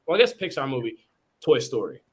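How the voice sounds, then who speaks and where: A young male actor chatting casually as a guest, animated, with many fillers and frequent laughs. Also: mid-range voice, fast talker, breathy edge. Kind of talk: casual chat.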